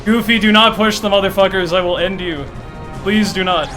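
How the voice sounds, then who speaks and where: A man's voice: high voice, steady tone, moderate pace. A man live-streaming a speedrun, pleading with the game, swearing and cheering as it comes down to the wire. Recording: game music behind the voice.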